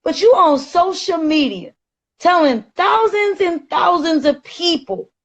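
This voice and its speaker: A woman, ranting emphatically on a live stream and growing loud and agitated. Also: very high voice, expressive, measured pace, muffled recording. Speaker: livestreamer. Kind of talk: heated live-stream rant.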